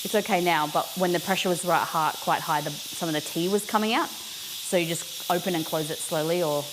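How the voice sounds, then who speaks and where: A woman's voice: on the low side, fairly quick, noisy background. A woman streaming a live cooking session, thinking aloud and rambling with many restarts as she works in a home kitchen. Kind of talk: casual live cooking chat.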